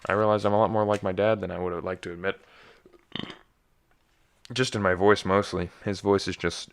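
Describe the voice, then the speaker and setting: Young male podcast host, low and smooth, self-deprecating ramble, slightly scratchy voice. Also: steady tone, quick pace, fairly bright tone. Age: young adult. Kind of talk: casual solo monologue.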